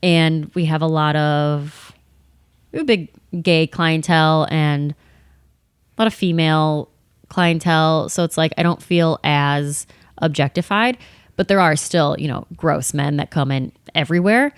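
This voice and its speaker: A woman in her thirties chatting on a podcast, telling work stories in a lively way and acting out the people in them. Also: low-pitched, measured pace, clean tone, no room sound, studio quality. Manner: animated storytelling, acts out bar customers and managers. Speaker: comedian guest. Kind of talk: casual podcast chat.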